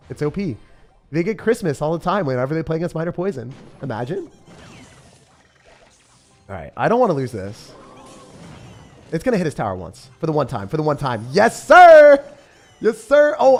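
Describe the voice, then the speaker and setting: A young man commentating his own live game stream in a jokey, excitable way, bursting into shouts and laughter. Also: a little high. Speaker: gaming streamer.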